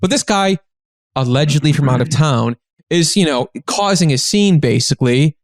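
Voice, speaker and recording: A man with a slightly higher-than-usual voice tells a story as a guest on a comedy podcast. He rambles in an animated way and leans on filler words. The sound is close and dry. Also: moderate pace, dry recording. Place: living in a big city.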